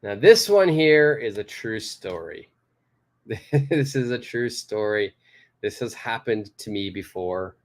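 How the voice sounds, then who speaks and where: A man's voice: lowish voice, animated, slow pace. A man from Canada teaching English idioms in a live online lesson, explaining patiently and repeating key phrases. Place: home studio in Tokyo.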